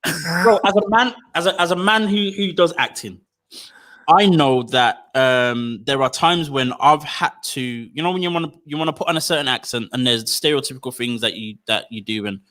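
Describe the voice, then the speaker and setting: A man talks fast and loose as a podcast co-host, tumbling through restarts and slang. His voice has a bright, clear edge to it, and he sounds keen and animated throughout. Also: fairly high pitch. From United Kingdom. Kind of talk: casual chat.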